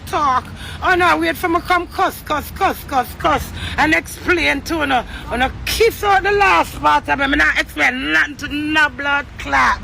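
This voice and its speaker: Slow, gravelly, taunting woman. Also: high-pitched, bright, forceful tone, slight background noise, low-quality recording. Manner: taunting, mocking, slow and drawn-out. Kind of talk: boastful social media clip.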